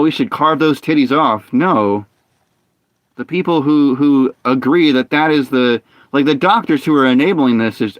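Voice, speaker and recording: A young man streaming a game, talking in a ranting, opinionated way with halting restarts and frustrated outbursts. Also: medium pitch, no room sound, dull audio. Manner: halting restarts and repeated words. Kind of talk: casual live-stream talk while gaming.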